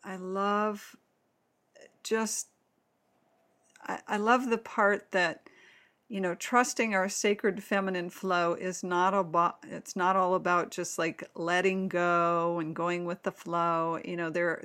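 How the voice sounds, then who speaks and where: A woman hosting a podcast, speaking calmly and affirmingly in conversation. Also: lowish voice. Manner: calm and affirming. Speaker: podcast host. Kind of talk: conversational interview.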